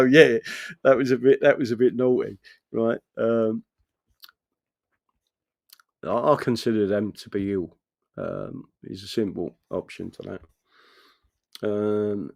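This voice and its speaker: Gravelly rambling livestream man. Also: mid-range voice, a little mellow, no echo, studio quality. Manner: rambling, swearing, chatty asides to viewers. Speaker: livestream host reading chat. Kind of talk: casual livestream talk.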